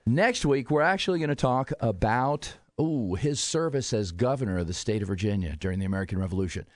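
A man's voice: mid-range voice, animated, dry recording. Man explaining history in a dry studio. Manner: explanatory, measured, builds points with rhetorical questions. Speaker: historian guest. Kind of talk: radio talk show discussion. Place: radio studio.

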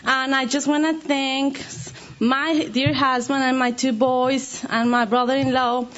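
A woman with a very high voice gives an excited, nervous little speech. She is a new citizen thanking everyone. The recording is dull and lo-fi. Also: unhurried. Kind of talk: short ceremony speech.

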